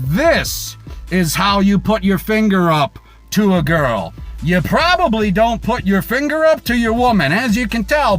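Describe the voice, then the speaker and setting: A man hosting a reaction video, recapping an episode casually with swearing and lively pitch swings. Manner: animated, swings pitch for emphasis.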